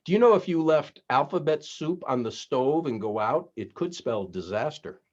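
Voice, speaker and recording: A man's voice: fairly high pitch, expressive, moderate pace, darkish tone. A man hosting a casual chat, telling puns and stories and laughing at his own jokes. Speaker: host. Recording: dull lo-fi sound.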